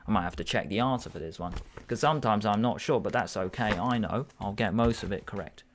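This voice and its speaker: A man with a fairly low voice tutors while working aloud through a verbal reasoning test paper, musing over each answer. He's unhurried and self-correcting, and there's a little hiss or hum in the recording.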